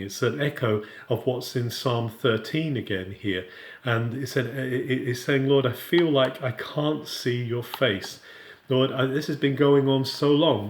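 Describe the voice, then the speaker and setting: A man giving an informal, earnest Bible teaching, often restarting his sentences. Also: medium pitch. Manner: earnest, with frequent restarts and paraphrased quotes. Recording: roomy echo.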